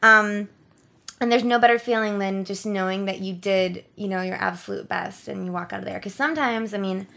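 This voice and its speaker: Give me a chatty young woman guest with a bright, forceful voice. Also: medium pitch, fairly quick, vocal fry. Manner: chatty, peppered with "like", acts out quotes. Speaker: guest, performer. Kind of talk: casual interview chat.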